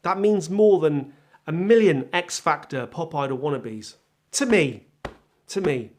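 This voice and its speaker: A man's voice: a little high, animated, a little slow, a little hiss or hum. A man hosting his own music channel, giving a casual first-impression chat about an album. He is self-deprecating and thinks aloud.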